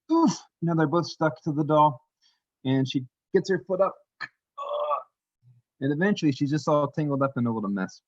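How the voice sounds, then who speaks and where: A man telling a folktale to a congregation in an animated, folksy way, with casual asides. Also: medium pitch, no echo, lo-fi sound. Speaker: worship leader telling a story.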